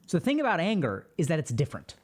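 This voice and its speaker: A man hosting a stream, reading a viewer's post aloud and explaining his thoughts in a calm, reflective way. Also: on the high side, racing. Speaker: host.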